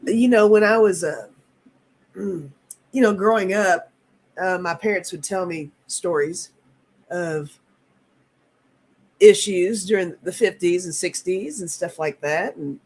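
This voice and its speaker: A woman in her fifties hosting a live tarot stream, talking in a halting, earnest way and reading viewer comments aloud. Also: lowish voice, darkish tone. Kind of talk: casual live-stream chat.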